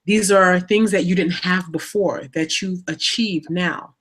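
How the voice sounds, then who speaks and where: A woman on a talk show, candidly telling a personal story with lots of fillers, getting animated as she retells it. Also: on the low side, unhurried, hardly any pauses.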